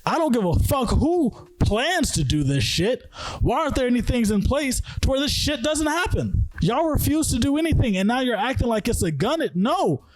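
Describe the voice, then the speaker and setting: A young man hosts a podcast, angrily ranting about the news with heavy swearing and emphatic outbursts. His voice is very high-pitched and sing-song at a normal speed, and the delivery is heated and profane.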